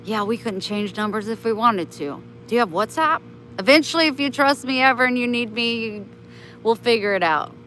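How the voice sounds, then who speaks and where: A woman's voice: fairly high pitch, animated, normal speed, a bit bright, a little hiss or hum, poor audio. A woman chatting on a casual live stream, talking kindly and motherly to her viewers and her pets.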